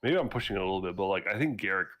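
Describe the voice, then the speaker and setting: Low-voiced young man rambling casually. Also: expressive, racing, a bit bright. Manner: rambling, laughs at own stories. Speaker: podcast co-host. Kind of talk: casual gaming chat.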